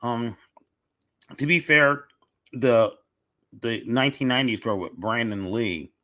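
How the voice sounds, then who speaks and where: A man's voice: medium pitch, unhurried, sharp tone, dry recording. A man chatting casually on a podcast, opinionated and restarting often, with a cough drop in his mouth. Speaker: podcast guest. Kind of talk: casual chat.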